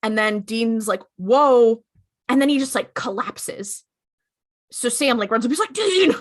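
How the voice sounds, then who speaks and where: A woman's voice: on the high side, unhurried. A woman co-hosting a podcast, retelling a TV episode in casual chat and acting out the characters' lines as she goes. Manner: animated, acts out characters' lines while retelling. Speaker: podcast co-host.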